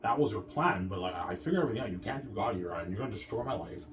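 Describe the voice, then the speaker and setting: Low-voiced guy rambling fast and bragging, lots of restarts, far from the mic with music playing. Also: animated. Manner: boastful, repetitive, stammering restarts. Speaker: vlogger. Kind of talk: rambling monologue. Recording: distant mic with clear background music.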